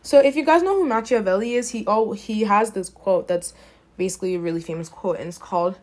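A young woman speaks her mind in a loose, casual talk. She presses her points with emphasis and often breaks off to restart a phrase. Her voice sits at an ordinary middle pitch. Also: a little fast. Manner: emphatic and opinionated, with frequent restarts.

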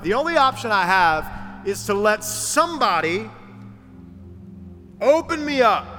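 A young man preaches in a relaxed, chatty storytelling way, his voice high and bright. The sound rings with a long hall reverb, and soft music sits faintly underneath. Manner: conversational storytelling, voices quoted people. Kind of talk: sermon.

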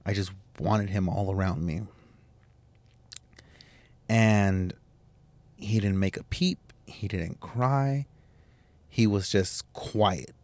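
Candid low-voiced man telling a story. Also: slow pace, pauses often, darkish tone, no echo. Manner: candid, emotional, rambling with restarts and swearing. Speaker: podcast host. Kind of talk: personal storytelling monologue.

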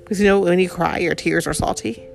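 A woman's voice: on the low side, fairly even intonation, fast, vocal fry, a little hiss or hum. A woman reading a picture book aloud to a child, with chatty asides about the pictures.

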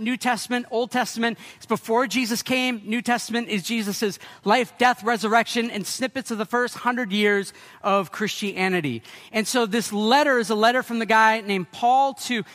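A male pastor preaching a sermon to a church gathering, energetic and excitable, with quick restarts and playful asides. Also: sits high.

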